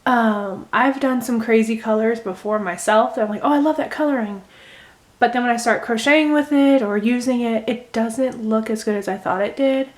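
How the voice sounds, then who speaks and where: A young woman talks through a craft project in a loose, rambling way, full of little fillers and asides. Her voice sits a touch high, and her tone stays gentle and easygoing. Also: moderate pace, few pauses. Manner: rambling, gentle, thinks aloud with many fillers. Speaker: crochet vlogger. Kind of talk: casual how-to chat while unraveling knitting.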